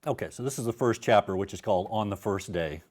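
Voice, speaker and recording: A man's voice: on the low side, fast talker, darkish tone. A man in his fifties, an author at a university event, chatting casually with self-deprecating asides before reading his prose aloud.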